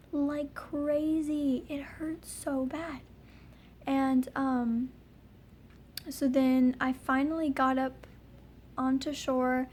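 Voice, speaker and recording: A woman's voice: high voice, darkish tone, a little hiss or hum. A young woman telling a personal story in a casual vlog, rambling with lots of ums and likes. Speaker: vlogger.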